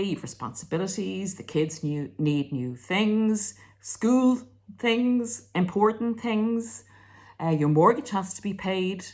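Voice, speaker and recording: A woman giving a casual explanatory monologue, acting out snippets of dialogue as she goes. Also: low-pitched. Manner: animated, acts out quoted dialogue. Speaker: relationship commentator.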